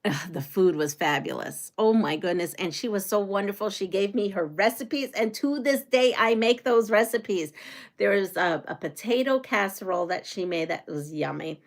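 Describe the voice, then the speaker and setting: A woman's voice: mid-range voice, moderate pace. A middle-aged woman hosting a casual quilting livestream, chatty and rambling as she talks with her viewers. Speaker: quilting channel host.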